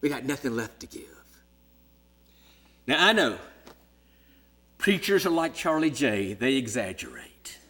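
A man in his sixties preaching a sermon as a story, dramatic, dropping to hushed whispers and rising to shouts. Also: medium pitch, big pitch swings, measured pace, long pauses. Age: 60s.

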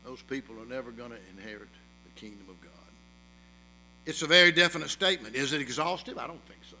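A man's voice: medium pitch, fast talker, pushed and bright, a little hiss or hum, rough recording. A man preaching a sermon, emphatic, with rhetorical questions and storytelling. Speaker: pastor.

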